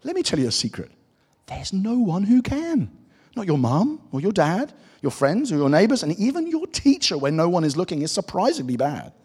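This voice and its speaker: A man's voice: high-pitched, huge pitch swings, moderate pace, a little mellow, slightly rough, voice pushed up, exaggerated voice. A man voicing a wise and kind talking cat from a children's storybook, explaining patiently. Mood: gentle. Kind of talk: reading a children's storybook aloud. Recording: echoey hall.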